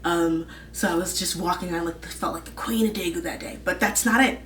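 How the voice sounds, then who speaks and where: A woman's voice: fairly low pitch, fairly quick, a bit bright, far from the mic, slight background noise. Gushing young woman, roomy echo. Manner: rambling, gushing, full of "like" fillers. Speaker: vlog host. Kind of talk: casual chat.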